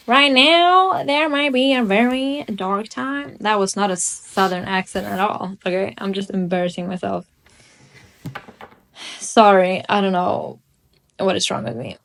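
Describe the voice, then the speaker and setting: A young woman reading tarot cards at home, talking slowly and musingly with many pauses. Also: medium pitch. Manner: slow, musing delivery with frequent pauses. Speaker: tarot reader. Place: room at home by a window.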